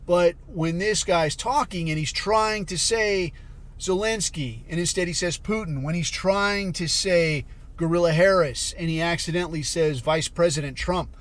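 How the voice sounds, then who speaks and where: Hosting a podcast, a man with a high-sitting, somewhat bright voice launches into a casual commentary rant, blunt, profane, and sarcastic throughout.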